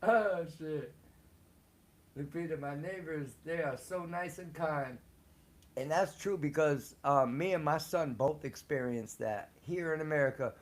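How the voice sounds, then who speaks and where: A man's voice: a little high, unhurried. A man casually telling personal stories, slangy and profane, laughing often. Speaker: storyteller on a live show. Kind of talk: casual storytelling.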